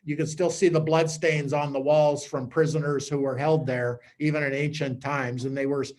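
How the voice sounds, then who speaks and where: A man, a priest, giving a conversational teaching talk to a small group with animated storytelling. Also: a little high, moderate pace.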